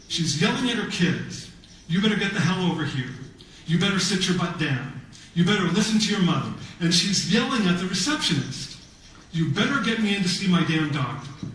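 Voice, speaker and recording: A man giving a prepared talk, telling a story in a measured, emphatic way with pauses. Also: on the high side, fairly bright tone. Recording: very echoey hall, voice from far off.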